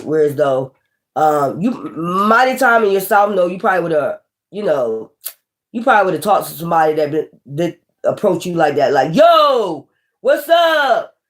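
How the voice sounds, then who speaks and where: Blunt, profane woman tarot reader. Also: low-pitched. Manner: repetitive, emphatic. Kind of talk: casual tarot reading rant.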